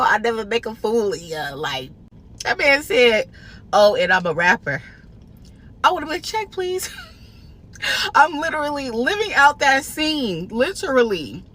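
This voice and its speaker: A woman's voice: medium pitch, fairly bright tone. A woman telling a first-date story in a casual, exasperated way.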